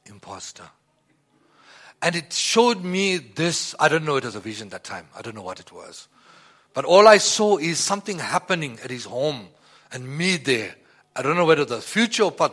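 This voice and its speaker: A man's voice: fairly high pitch, fairly bright tone. Guy rambling thru his church testimony, lots of restarts and you-knows. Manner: rambling, repeats "you know" and "like that"; halting, many restarts and fillers. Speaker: church member giving testimony. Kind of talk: personal testimony.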